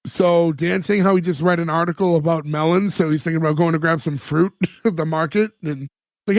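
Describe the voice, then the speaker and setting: A man co-hosting a podcast, retelling sitcom scenes in casual chat, full of "like" fillers and quick laughs. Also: fairly high pitch, fairly even intonation, no echo, studio quality. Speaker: podcast co-host.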